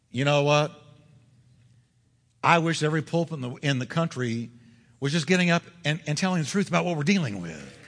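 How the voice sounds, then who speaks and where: Male pastor, emphatic sermon delivery, repeats for stress, bright tone, reverberant sanctuary. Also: a little high, lively intonation. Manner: preaching with emphatic repetition, slowing for stress.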